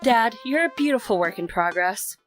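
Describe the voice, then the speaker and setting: A woman's voice: on the high side, animated, normal speed, faint music behind, pitched above the performer's own voice, close to an everyday voice. A woman voicing a cheeky, bubbly teenage daughter with a teasing manner. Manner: bright, bouncy, teasing.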